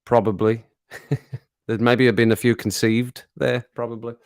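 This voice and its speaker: A Brummie livestream host in middle age chats casually with his audience in a rambling, jokey way, chuckling frequently. He's from England, and his smooth, mid-range voice moves little in pitch at a moderate pace.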